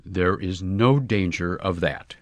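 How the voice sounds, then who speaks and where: A man's voice: medium pitch, sing-song, moderate pace, no echo, natural voice. A man voicing a proud, ambitious young woman who speaks in a prim, superior way. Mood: scornful.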